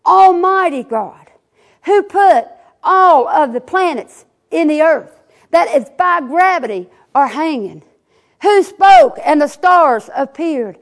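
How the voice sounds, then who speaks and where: Very high-voiced woman preaching. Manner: folksy, drawn-out storytelling with lowered, solemn emphasis. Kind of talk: sermon with a told joke.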